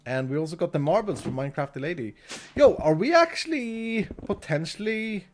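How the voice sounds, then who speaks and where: A man's voice: high-pitched, big pitch swings, normal speed, a little mellow, a little hiss or hum. A man streaming a game live, chatting casually with his viewers, reading chat, thanking donors and laughing easily.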